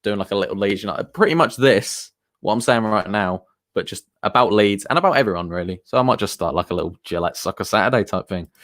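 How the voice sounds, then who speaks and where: A man's voice: on the low side, quick pace, fairly bright tone, no echo, clean studio sound. A man chatting casually on a live stream as a football streamer, rambling and answering viewers. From England.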